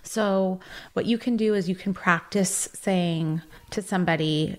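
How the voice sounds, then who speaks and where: A podcast host speaks in an earnest, encouraging way, coaching her listeners through hard feelings. Her voice sits a little low for a woman. She talks directly to the listener, like a supportive friend giving practical advice. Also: unhurried. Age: adult, married. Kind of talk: motivational self-help talk.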